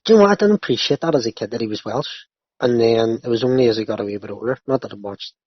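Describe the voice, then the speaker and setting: A man's voice: medium pitch, very fast, no echo. A man hosting a podcast, ranting and swearing through casual banter with a friend. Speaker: podcast host. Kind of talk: casual chat. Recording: dry, slightly muffled lo-fi.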